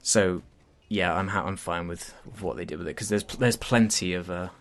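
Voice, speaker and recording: Man, low-pitched, casual game review chat, lots of fillers and restarts. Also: normal speed. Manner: chatty, hesitant, many fillers and restarts.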